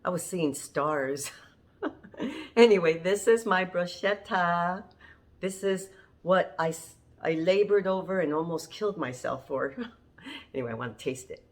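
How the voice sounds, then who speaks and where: Speaking a little slowly in a lowish voice, a woman hosts her home cooking show from her kitchen. She talks viewers through the recipe step by step in a friendly, homey manner, laughing at herself along the way.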